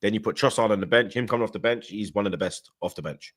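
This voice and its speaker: A man, hosting a casual football chat in slangy, animated talk. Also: lowish voice, fast. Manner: slangy, animated, swears freely. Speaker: host.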